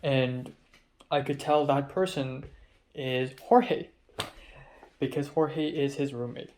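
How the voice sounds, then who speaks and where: A man's voice: medium pitch, fairly even intonation, slow, darkish tone, a little hiss or hum. A young adult man talking casually to camera in a vlog diary, rambling and correcting himself as he tells stories about his day. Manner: rambling, self-correcting storyteller. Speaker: vlogger.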